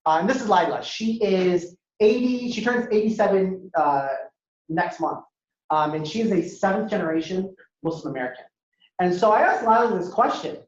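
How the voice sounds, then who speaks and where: A man giving a lively storytelling talk as a guest speaker at a university, acting out dialogue in a casual way. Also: sits high, normal speed. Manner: animated, acts out dialogue, casual. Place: university lecture hall. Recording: echoey hall, dull lo-fi sound.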